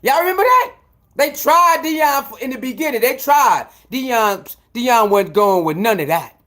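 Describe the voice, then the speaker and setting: A man giving heated, incredulous commentary, swinging between shouts and low mutters, with speech. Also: animated, moderate pace. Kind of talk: animated ranting commentary.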